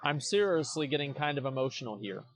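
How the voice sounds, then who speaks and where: A man's voice: medium pitch, animated, fast. A young man streaming as he reacts to forum posts, blunt and mocking, cursing freely and restarting his sentences with repeated words. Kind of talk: casual commentary.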